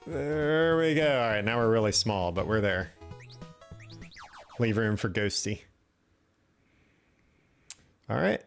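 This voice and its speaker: A man's voice: lowish voice, slow, vocal fry, long pauses, faint music behind. A man hosting a live stream, chatting casually with many fillers and restarts. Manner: relaxed, rambling with many fillers. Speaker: stream host.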